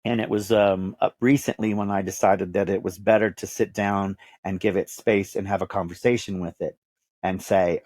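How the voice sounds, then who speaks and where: A low-voiced Texan man in his fifties tells his own story with earnest, emphatic conviction. He leans on repeated phrases to drive each point home. The sound is close and dry. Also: fairly even intonation, normal speed, a little mellow, no room sound. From Dallas, Texas. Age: 50s. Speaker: podcast host interviewed. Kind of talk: candid personal storytelling.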